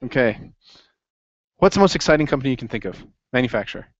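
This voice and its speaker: A man teaching an accounting class in a lively classroom lecture, quizzing students as he goes. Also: mid-range voice, fast talker, no echo. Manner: upbeat, asks the class questions. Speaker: accounting instructor. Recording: dry, dull lo-fi classroom recording.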